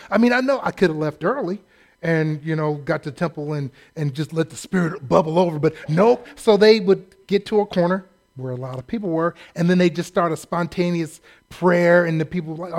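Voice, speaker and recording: A pastor preaching a sermon in a humorous, conversational, self-deprecating way. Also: male voice, on the high side, moderate pace, darkish tone.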